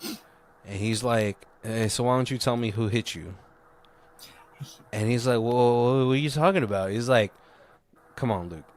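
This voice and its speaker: A man's voice: mid-range voice, unhurried, long pauses. A man co-hosting a casual movie review podcast, retelling scenes with loose impressions and laughing often. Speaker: podcast co-host.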